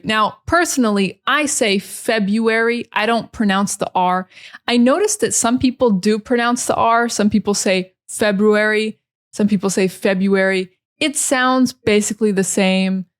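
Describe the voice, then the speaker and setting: A woman from Maine with an American accent, teaching English pronunciation and repeating words slowly and carefully, syllable by syllable. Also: medium pitch. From Maine, USA. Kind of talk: pronunciation lesson.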